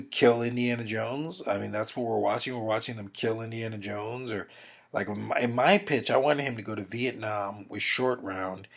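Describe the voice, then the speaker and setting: A man's voice: on the low side, gravelly, breathy edge. A man giving a heated, rambling opinion rant, swearing and acting out quotes. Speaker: video commentator.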